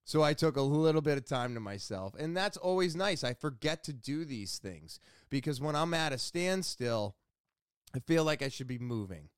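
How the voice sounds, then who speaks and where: A married man vlogging a casual, rambling recap of his week, telling stories with many fillers and animated quoted exchanges. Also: mid-range voice, moderate pace, clear, resonant tone, no echo, clean studio sound.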